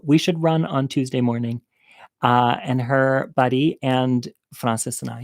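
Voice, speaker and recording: A man tells a comic personal story in a casual monologue, with a mid-pitched voice. He is campy and candid, and he makes fun of himself. He keeps turning to the viewer with chatty asides. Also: fairly even intonation, a little slow. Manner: campy, candid and self-deprecating.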